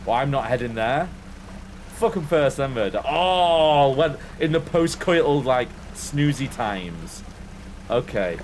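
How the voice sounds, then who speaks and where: A man's voice: medium pitch, animated, takes it slowly, a little hiss or hum. A man chatting playfully on a game stream, greeting viewers and swearing freely. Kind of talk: casual gaming stream chat.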